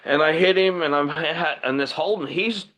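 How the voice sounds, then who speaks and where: A man, a guest pro wrestler, telling a personal story in animated podcast chat and acting out the dialogue. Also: a little high, normal speed, poor audio. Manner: vivid retelling that acts out the dialogue.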